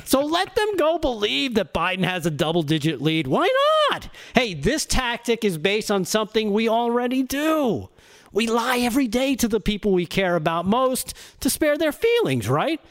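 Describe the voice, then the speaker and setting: A man's voice: high voice, very animated, normal speed. A man giving opinionated talk show commentary in a sarcastic tone, often laughing at his own jokes. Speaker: segment contributor on a talk show.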